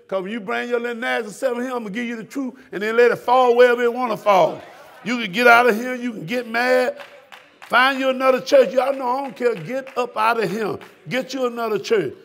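Pastor, high gravelly voice, fiery shouting sermon style. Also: male voice. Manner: fiery, preaching with shouted questions to the congregation. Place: church sanctuary.

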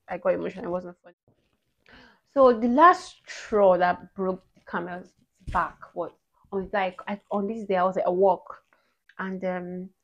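A young woman from Nigeria, telling a story in a casual vlog. She talks in an animated, emotional way, restarting her sentences often. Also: medium pitch. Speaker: vlogger. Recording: dull lo-fi audio.

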